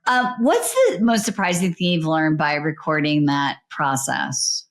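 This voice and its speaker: A woman's voice: low-pitched, expressive, unhurried. Chatty enthusiastic woman host. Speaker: podcast host. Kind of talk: casual interview chat.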